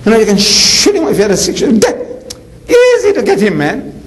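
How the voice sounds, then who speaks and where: A man voicing an eager, confident young shepherd boy who pleads excitedly in a retold story. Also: very high voice, a little fast, pitched above the performer's own voice, exaggerated voice, low-quality recording. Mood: scornful.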